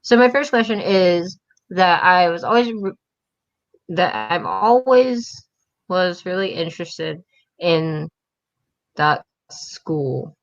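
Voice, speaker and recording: A woman's voice: on the low side, expressive, slow, lo-fi sound. A woman hosting a casual livestream chat, blunt and swearing, laughing often. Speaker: livestream host.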